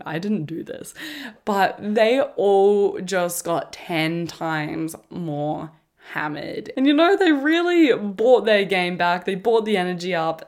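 A woman, telling a story on her podcast in a casual, animated way, swearing freely and laughing as she goes. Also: medium pitch. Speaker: podcast host.

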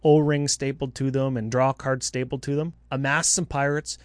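An animated man co-hosts a casual card-game podcast, cracking quick jokes as he lays out strategy. His voice sits at an ordinary middle pitch. The sound is close and dry. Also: dry recording. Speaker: podcast co-host.

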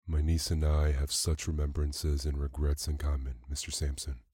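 A sorrowful, tender uncle speaks gently to his niece, voiced by a man reading a story aloud. The voice is very deep and mellow, with little rise and fall, and the recording is close and dry. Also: level tone, moderate pace, breathy edge, dry recording. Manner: soft, tender delivery.

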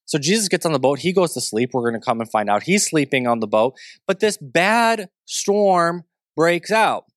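A man's voice: on the high side, sing-song, moderate pace, hardly any pauses, no room sound, clean studio sound. A man preaching a sermon in a plain, conversational way, walking listeners through a Bible story. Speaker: pastor.

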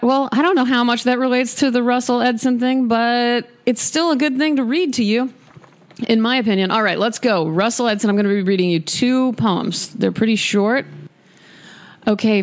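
Woman, podcast host, candid, emphatic, self-deprecating, reads poems aloud, in her studio. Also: fairly high pitch. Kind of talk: casual chat and poetry reading.

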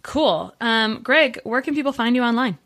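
A woman's voice: on the high side, lively intonation, moderate pace, fairly bright tone. A woman hosting a podcast interview, chatty and playfully teasing her guest. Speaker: podcast host. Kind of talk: casual interview chat.

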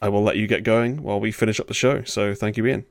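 A man's voice: on the low side, steady tone, fast talker, dry recording. A man hosting a podcast, chatting casually and laughing easily with his guests. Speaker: podcast host. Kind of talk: casual chat.

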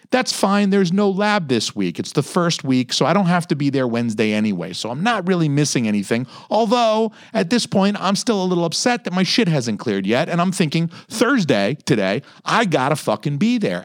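In a clean studio recording with no echo, a man in his thirties hosts a podcast, ranting casually and swearing heavily. He's animated and mocks other people's lines by quoting them in a raised pitch.

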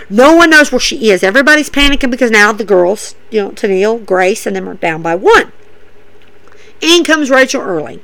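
A woman hosting a casual wrestling recap, gushing and excitable, talking straight to her listeners. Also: fairly high pitch.

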